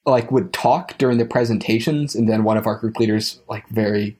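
A young man co-hosting a casual podcast, recounting a trip in a halting, wry way with frequent small laughs. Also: fairly low pitch, level tone, a little mellow. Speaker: podcast co-host, trip returnee.

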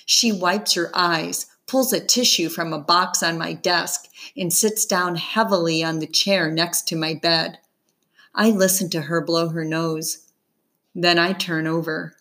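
A woman narrating a children's novel in the first person, calm and measured. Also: lowish voice. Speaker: audiobook narrator.

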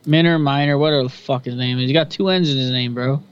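A man's voice: mid-range voice, steady tone, fast talker, clear, resonant tone. A man co-hosting a casual fight-pick chat, loose, profane and chatty. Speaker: podcast co-host. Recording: dull lo-fi sound.

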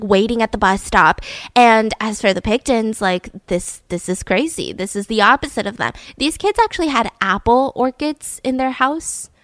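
A woman hosting a podcast, telling a true-crime story in a chatty, animated way, full of fillers. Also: on the high side, no echo. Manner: chatty, animated, frequent fillers and acted-out quotes. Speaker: podcast host.

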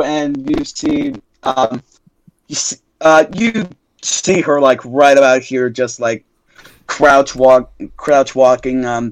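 A young man narrating a tabletop game as game master, halting with many ums and self-corrections. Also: medium pitch, low-quality recording.

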